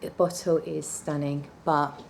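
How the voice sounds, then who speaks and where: A woman with a somewhat low voice chats through her perfume collection in a casual vlog. She gushes over favourites and turns bluntly apologetic over letdowns. A faint hum of room noise sits behind her. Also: little pitch movement, a little slow, creaky. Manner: chatty and gushing, blunt asides. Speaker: perfume reviewer.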